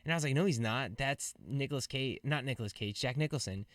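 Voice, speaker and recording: A man's voice: medium pitch, quick pace, fairly bright tone, dry recording, clean studio sound. A man hosting a gaming podcast, chatting in a laid-back way and laughing easily. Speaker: podcast host and streamer. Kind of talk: casual chat.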